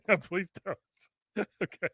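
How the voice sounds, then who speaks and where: A man's voice: high voice, slow pace, sharp tone, slightly rough, no room sound, clean studio sound. A man hosting a comedy podcast over a video call, laughing often and playing along with his guest. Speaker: podcast host. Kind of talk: casual comedic interview.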